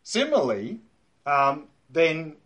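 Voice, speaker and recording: A meditation teacher gives a talk to a class. He speaks in a slightly husky voice that sits a bit high for a man. He is emphatic, repeats his key words and points to a diagram as he explains. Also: big pitch swings, slow pace, a bit bright.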